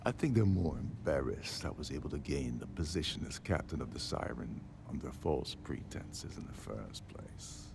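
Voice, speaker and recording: A man's voice: extremely low pitch, animated, gravelly, background noise, exaggerated voice. An actor playing a sardonic older man, a jailed former ship captain, in game dialogue. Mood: wry resigned. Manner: wry, sardonic, measured. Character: older male jailed ex-captain, dry and resigned.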